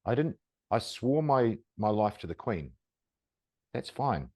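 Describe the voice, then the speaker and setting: A man's voice: lowish voice, sing-song, takes it slowly, a little mellow, no room sound, clean studio sound. A man hosting a podcast interview, talking in a conversational, rambling way and praising his guest. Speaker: podcast host. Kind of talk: casual interview talk.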